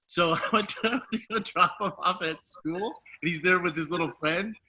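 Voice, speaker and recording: Man, bright ringing voice, slightly high, casual podcast chat, acts out quotes. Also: moderate pace. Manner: animated storyteller, acts out quotes. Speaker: podcast co-host; father.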